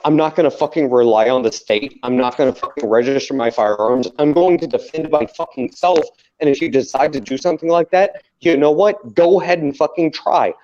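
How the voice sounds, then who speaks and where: A man with a slightly high, darkish voice co-hosts a podcast, ranting heatedly in casual conversation and swearing constantly. The lo-fi recording sounds dull.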